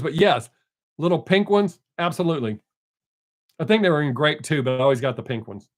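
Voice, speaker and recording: A man's voice: fairly high pitch, fairly quick. Folksy older man chatting to viewers. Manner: folksy, joking, greets viewers in chat by name. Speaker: live stream host. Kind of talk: casual live-stream chat.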